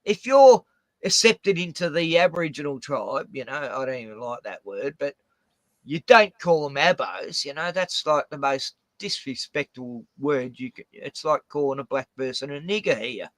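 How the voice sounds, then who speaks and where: A man with an Australian accent, hosting and telling rough stories in casual chat, swearing a lot. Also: mid-range voice, moderate pace, dry recording. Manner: swears heavily, animated rants. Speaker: host. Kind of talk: profane casual storytelling.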